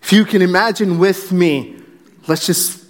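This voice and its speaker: A man with a fairly high voice preaches an earnest sermon, stopping to act out quick quotes and restarting his phrases mid-thought. His words ring through a church sanctuary with a long reverb. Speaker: pastor.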